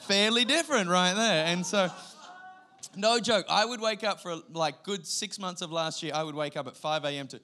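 Speaking at an ordinary pace in a high voice, an Australian guest pastor in his thirties delivers a sermon. He tells vivid stories and now and then erupts loudly.

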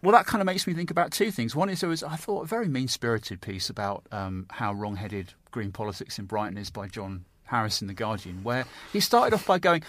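A man leading a casual podcast discussion, his pitch leaping up and down as he gets carried away. He keeps wandering off on enthusiastic tangents, and the sound is dry and close with no room around it. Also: brisk, hardly any pauses, no echo. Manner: animated, enthusiastic, digressive.

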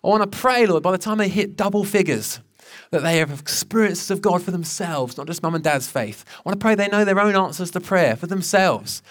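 A man's voice: high-pitched, lively intonation, brisk, fairly bright tone. A man in his thirties preaching a sermon, telling a personal story in an earnest, conversational way with frequent restarts. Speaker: pastor.

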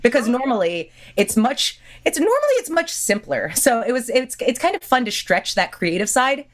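A woman voice actor chats casually on a podcast. Her pitch swoops all over the place, and she tumbles through restarts with frequent laughs. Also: normal speed. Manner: animated, laughing, chatty with restarts. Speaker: voice actor guest.

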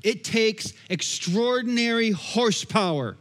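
A man's voice: high-pitched, expressive, measured pace, a bit bright. A man preaching a sermon as pastor, in a conversational style with repeated phrases, recorded in a church sanctuary. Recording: long echoey hall reverb.

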